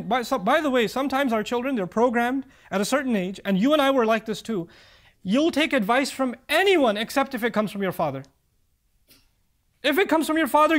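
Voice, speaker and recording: A middle-aged man delivers a religious lecture in a loose, conversational way. His voice sits high for a man, and he often acts out what parents and children would say. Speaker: Islamic speaker.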